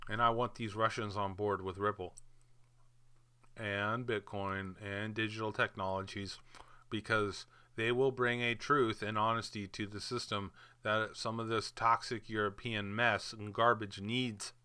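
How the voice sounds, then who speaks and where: A man's voice: on the low side, level tone, a little slow, sharp tone, clear, resonant tone. A man casually talking his viewers through crypto market charts in a chatty, hyped, offhand way. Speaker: crypto market video host. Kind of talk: casual screen-share commentary.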